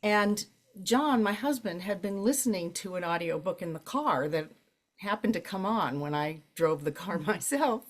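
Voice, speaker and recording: At a moderate pace, an older audiobook narrator shares stories during an interview at a library event. Her manner is easy and conversational, with frequent laughter and sudden leaps upward in pitch to stress a point.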